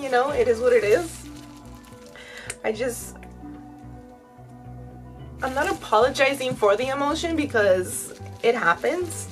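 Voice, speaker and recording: A woman's voice: a little high, unhurried, pauses often, music in the background, rough recording. A woman in her thirties chatting candidly to her viewers while she dyes her hair, fillers all through. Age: 30s. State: tearful at times. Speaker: vlogger. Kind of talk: casual chat while dyeing her hair.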